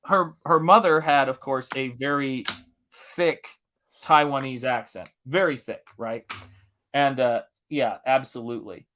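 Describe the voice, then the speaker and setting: A man from Tennessee hosting a live art stream, telling a story in a casual, animated way with frequent laughs and swearing. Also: mid-range voice, measured pace, a little hiss or hum. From Tennessee, USA.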